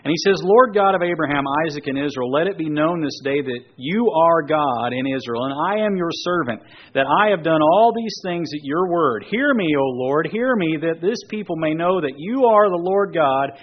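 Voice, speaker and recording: Husky-voiced man preaching, dull lo-fi sound. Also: fairly high pitch, animated, normal speed. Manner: reads passages aloud, then breaks off into conversational asides. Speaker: pastor. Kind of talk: sermon reading scripture with commentary.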